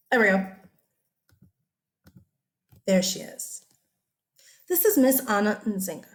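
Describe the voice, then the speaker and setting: A woman's voice: mid-range voice, animated, takes it slowly, pauses often, soft background music. A woman teacher giving a casual, chatty history lecture over slides. She often checks in with her listeners.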